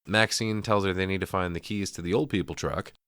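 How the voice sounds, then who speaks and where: Deep-voiced man recapping a horror film. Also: steady tone, a little fast, a bit bright, clear, resonant tone, no room sound. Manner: profane, laughing scene-by-scene recap. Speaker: podcast co-host. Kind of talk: casual movie recap. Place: podcast studio.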